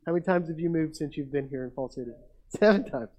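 A man's voice: a little high, fast, warm tone. A middle-aged man preaching a sermon from the pulpit, telling stories about himself with humor and building to emphatic peaks. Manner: storytelling, self-mocking, builds to emphatic peaks. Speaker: pastor. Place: church. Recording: muffled lo-fi sound.

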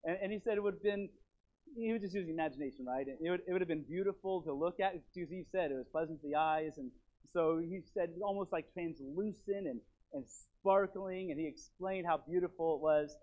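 A man preaching a sermon as pastor in his church, rambling and repeating himself with animated stops and starts. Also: on the high side, brisk. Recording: tinny phone-like sound.

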